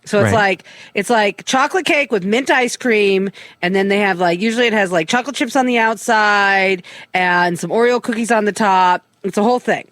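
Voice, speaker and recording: A middle-aged woman co-hosting a casual talk show, telling a family story with animated swearing. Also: mid-range voice, normal speed, few pauses. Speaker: co-host. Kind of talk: casual chat.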